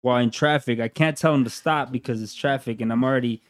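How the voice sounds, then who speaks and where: A man's voice: mid-range voice, fast. A man telling a funny story in casual chat, laid-back and swearing, laughing between lines.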